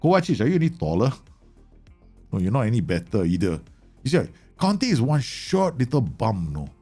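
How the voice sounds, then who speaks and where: A man commentating live on a football management game, excitable and teasing, bursting into exclamations. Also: medium pitch, normal speed, slightly rough, faint music behind.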